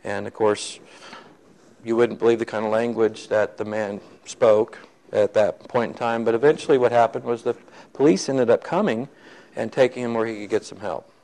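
Gravelly-voiced man preaching a story. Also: on the low side, normal speed, rough recording. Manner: animated storyteller acting out quoted voices. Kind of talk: sermon storytelling.

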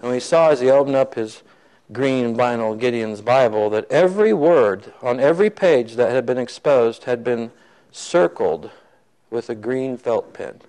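A man's voice: medium pitch, measured pace, darkish tone, rough recording. A man preaching, telling a story to his congregation and acting out the voices of the people in it. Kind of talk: sermon storytelling.

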